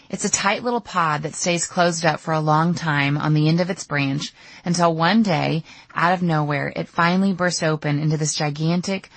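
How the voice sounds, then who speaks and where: A woman's voice: deep voice, no room sound. A middle-aged woman narrating her own audiobook memoir in a candid, storytelling way. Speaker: author reading her memoir.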